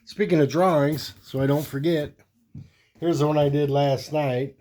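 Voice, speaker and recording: His voice on the high side with a dark tone and fairly even intonation, a man hosts his own video at a moderate pace. He casually rambles through a stack of comics one by one, easygoing and thinking aloud as he flips through them.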